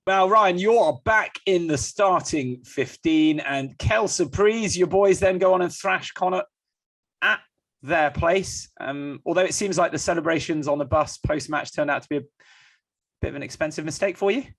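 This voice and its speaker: A man's voice: on the high side, moderate pace, fairly bright tone, no echo. A man hosting a rugby podcast, putting teasing questions to his co-hosts. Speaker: podcast host.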